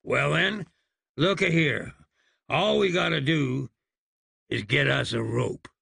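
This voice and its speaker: A man's voice: fairly high pitch, slow pace, gravelly, sharp tone, slightly rough, no room sound, heavily acted. A man voicing a sly, scheming middle-aged frontier cowboy who talks in a folksy drawl.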